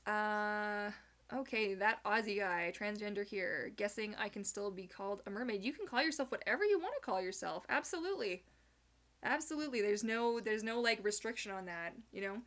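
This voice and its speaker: A young woman hosting a live Q&A, chatting casually and reading viewer comments aloud with animated, giggly asides. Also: mid-range voice, moderate pace. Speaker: livestream host answering viewer questions.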